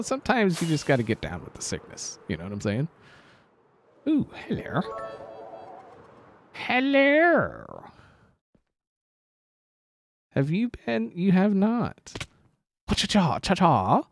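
A young man streaming a game, chatting casually and goofily, his voice a little rough from sickness and lack of sleep. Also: sits high, slow, pauses often. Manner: animated, excitable, goofy. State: slightly sick, sleep-deprived voice. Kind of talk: casual live-stream chat.

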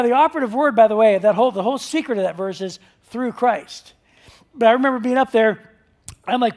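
A man's voice: extremely high pitch, a little mellow. A man preaching a sermon as pastor, talking in a conversational, joking storytelling way.

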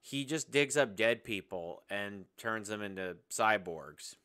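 Bright, clear-voiced guy. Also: fairly low pitch, expressive, a little slow. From Southern US. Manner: jokey, acts out film lines, swears. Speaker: podcast co-host. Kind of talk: casual movie chat.

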